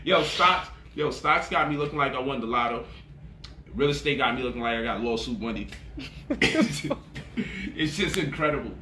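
A man hosting a lively talk about money, boasting, laughing and swearing freely, and mocking his critics in quoted voices. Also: mid-range voice, moderate pace, long pauses, echoey room, background noise. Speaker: host. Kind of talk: animated livestream talk.

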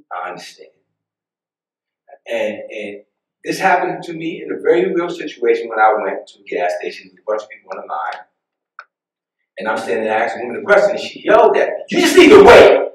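A man preaching a sermon as pastor, telling personal stories in an animated way, often laughing at them. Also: a little high, brisk. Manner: animated, laughs at his own stories, acts out voices. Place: church sanctuary. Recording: very echoey church room, mic far off.

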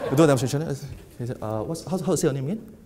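A man giving a live lecture, guiding volunteers through hypnosis with slow, soothing suggestions between upbeat stage remarks. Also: mid-range voice, big pitch swings, a crowd in the background. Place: large lecture hall with audience. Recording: echoey hall, faint noise.

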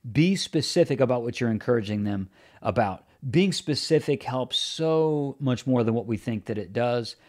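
A man hosting a solo podcast offers earnest, plain-spoken practical advice on encouragement. His voice is medium-pitched and a little mellow.

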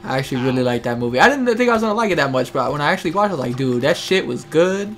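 A man's voice: a little high, animated, rapid-fire, slight background noise. A young man hosting casual gameplay commentary, joking, swearing and laughing often. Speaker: gaming channel host.

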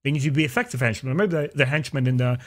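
A man hosting a podcast, chatting casually and opinionatedly, his pitch jumping up for emphasis. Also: very fast. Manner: opinionated, animated, jumps into high pitch for emphasis. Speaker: podcast host. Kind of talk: casual chat.

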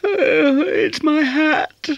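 A man voicing a tearful little female kitten, wailing and sobbing in a high voice. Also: huge pitch swings, slow pace, dull audio, slight background noise, heavily acted. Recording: music behind.

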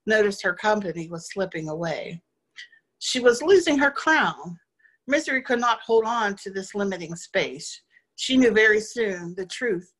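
A woman, a guest speaker at a spiritual service, reciting a rhyming poem with a measured rhythm. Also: on the low side, fairly bright tone. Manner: rhythmic, measured reading in rhyme. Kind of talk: poetry recitation.

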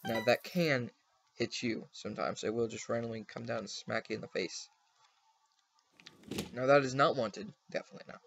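A man's voice: medium pitch, normal speed, gravelly, long pauses. Chatty young man with noisy recording. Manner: chatty, goofy, talks to his pets. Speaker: gaming channel host. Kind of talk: casual let's play commentary.

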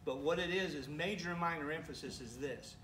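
A man preaches in a church sanctuary with an easygoing, questioning delivery and playful asides. His voice sits a touch high for a man. The recording is roomy and echoey, with the mic some distance away and a faint hiss underneath. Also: fairly quick, a bit bright. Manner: conversational, asks the congregation questions, teasing asides. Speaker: pastor. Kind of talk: sermon.

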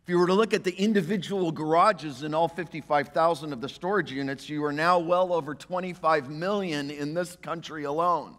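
A male pastor, preaching a sermon in an emphatic, animated way and voicing the quotes he reads. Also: on the high side, fairly quick, hardly any pauses. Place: church sanctuary. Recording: church hall reverb.

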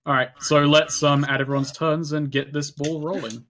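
A man's voice: on the high side, level tone, normal speed, a bit bright, a little hiss or hum. A man acting as game master in a tabletop game, explaining rules patiently with many fillers. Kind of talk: running a tabletop game online.

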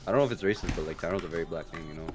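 A man's voice: sits low, racing, music in the background. A young man in casual gaming voice chat, teasing and blunt, laughing often. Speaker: gaming friend.

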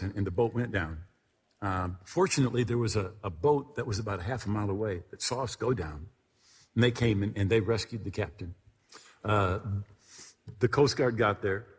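A man's voice: lowish voice, a bit bright, husky. A middle-aged male pastor telling a story in a sermon to his congregation, acting out the voices of the people in it. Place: church sanctuary before a congregation. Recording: long hall reverb.

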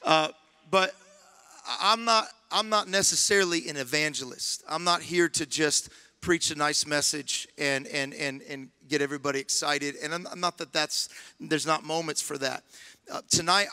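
A man preaching as a guest pastor in a church, repeating his phrases and building to impassioned shouting. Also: fairly high pitch, normal speed. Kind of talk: sermon. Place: church sanctuary.

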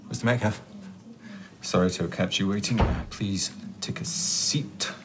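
An actor playing a polite, measured heart consultant speaking to a patient. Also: male voice, on the low side, fairly even intonation, over loud music, natural voice. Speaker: doctor. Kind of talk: TV soap drama acting.

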